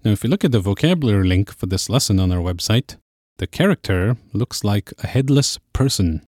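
A man's voice: on the low side, lively intonation, fairly quick, a little mellow, no echo, clean studio sound. A man teaching a podcast language lesson, explaining patiently step by step.

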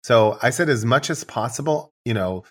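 A man's voice: medium pitch, normal speed. A man, a wedding photographer, chatting casually and rambling through stories, acting out what he tells his couples. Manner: relaxed, rambling storyteller who acts out his own dialogue. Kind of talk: casual podcast conversation.

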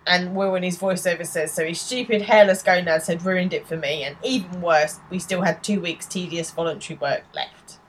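A woman with a fairly low voice chats on a podcast, retelling a TV episode with her co-host. She talks loosely, trailing off and restarting her thoughts. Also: fairly even intonation, moderate pace, slight background noise. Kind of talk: casual chat.

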